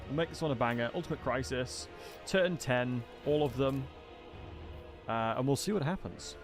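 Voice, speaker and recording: A gaming livestreamer from England, with a non-southern English accent, chats casually on a live game stream, greeting viewers by name between bursts of commentary. His voice is medium-pitched at a normal speed, with music playing behind him.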